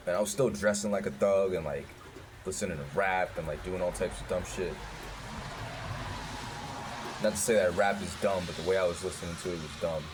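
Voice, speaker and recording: A man in his thirties telling his life story in a candid, profane, animated way. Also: low-pitched, fairly quick, background noise. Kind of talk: casual storytelling.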